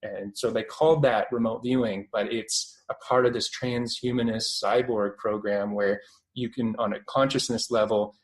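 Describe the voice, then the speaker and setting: A man's voice: fairly low pitch, steady tone, moderate pace, rough recording. A young man in his twenties with a Canadian accent, a guest on an interview, talking casually and rambling with many fillers and restarts. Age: 20s.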